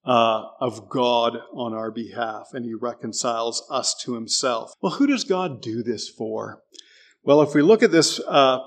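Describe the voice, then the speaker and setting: Slow-paced man preaching a sermon. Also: medium pitch. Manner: unhurried, reads scripture aloud with emphasis; asks the listeners questions.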